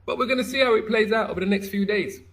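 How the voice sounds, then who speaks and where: High-voiced man preaching from afar. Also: fast talker, a bit bright, recorded from a distance. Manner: preachy, quotes verses. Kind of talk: casual commentary quoting scripture.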